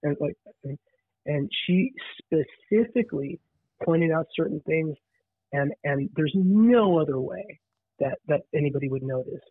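A man telling a story in casual conversation, animated, often restarting and repeating words. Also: on the high side, a little slow, dry recording. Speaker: podcast guest. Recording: tinny phone-line sound.

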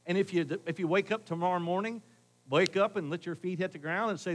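A middle-aged pastor preaches a sermon conversationally, swinging between loud emphasis and hushed asides. His voice sits high and moves briskly, and the audio quality is poor.

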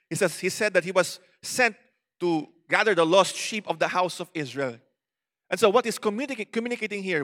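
A man's voice: sits high, bright, forceful tone, in a large hall. A man with a Cebuano Filipino accent preaching a sermon in a conversational way, often checking in with the listeners. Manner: code-switching, conversational, asks the congregation questions.

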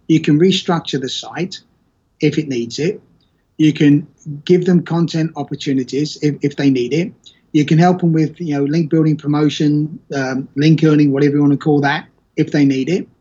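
A man with a husky, slightly raised voice talks in a loose, conversational way, often restarting his sentences as he explains his view. The recording sounds muffled and lo-fi. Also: fairly high pitch, fairly even intonation, normal speed, mellow. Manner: rambling, self-correcting storyteller. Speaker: podcast guest. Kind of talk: casual conversation.

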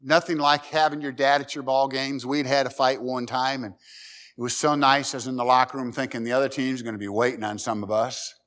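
Middle-aged guy preaching, folksy, repeats himself, gets loud and high on big points, ordinary mid voice. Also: level tone, a little fast. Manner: emphatic, rising loud at key points. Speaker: pastor. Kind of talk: sermon.

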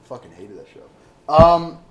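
A man's voice: a little high, animated, a little slow, dull audio, a crowd in the background. A man co-hosting a podcast, bantering crudely and rambling with many restarts. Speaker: podcast co-host. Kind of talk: casual banter.

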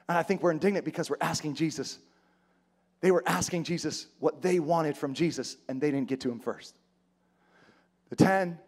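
A man preaching a sermon in church, animated, acting out quoted voices and building to emphatic peaks. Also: high voice. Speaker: pastor.

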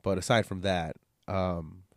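A man's voice: sits low, little pitch movement, a little slow, no echo, clean studio sound. A man with a stuffed-up nose from a cold, hosting his podcast in a rambling, profane, candid way. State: congested, nasal from a cold. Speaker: podcast host. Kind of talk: casual solo podcast monologue.

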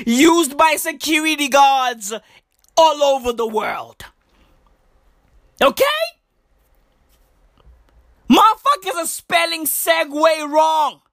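A woman's voice: sits high, expressive, slow pace, long pauses, no echo, clean studio sound. A woman giving crude, mocking comedic commentary in slangy talk. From South Africa.

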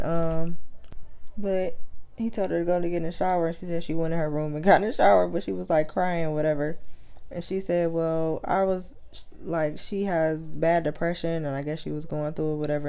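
A woman co-hosting a casual podcast chat, retelling stories and acting out the people in them. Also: clear, resonant tone. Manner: animated storytelling, acts out quoted people in higher voices. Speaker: podcast co-host.

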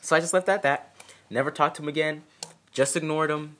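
Bright-voiced young man telling a story. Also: a little high, fairly even intonation, a little fast. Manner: candid, profane, self-mocking humor. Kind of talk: casual storytime.

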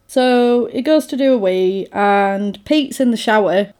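A woman's voice: medium pitch, a little slow, clear, resonant tone. A woman in casual chat, animatedly retelling a film's story scene by scene. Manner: animated storytelling, acts out the characters' lines. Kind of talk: casual film recap chat.

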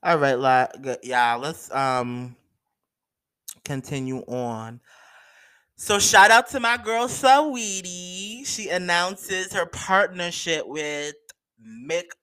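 A man's voice: a little high, slow pace, bright, forceful tone, clear, resonant tone. A man hosting his own podcast, chatting casually and gossiping about celebrity news with slangy asides and lots of fillers. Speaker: podcast host. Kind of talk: casual solo podcast chat.

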